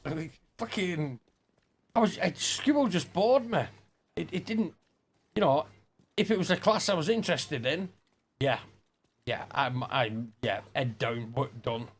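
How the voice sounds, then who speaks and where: A man's voice: a little high, expressive, a little slow, long pauses, slightly rough. A middle-aged man, rambling and swearing through school anecdotes while playing a game. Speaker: gaming streamer. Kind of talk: casual storytelling over gameplay.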